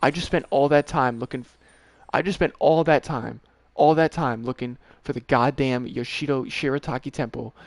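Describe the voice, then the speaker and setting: A man streaming a video game, talking casually to himself and to the characters on screen, swearing often and getting worked up quickly. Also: medium pitch, steady tone, dry recording. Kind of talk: casual gameplay commentary.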